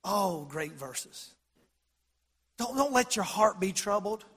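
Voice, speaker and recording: A man preaching a sermon as a pastor, animated, rising loud when he quotes scripture. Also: high voice, slow, husky. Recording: long hall reverb.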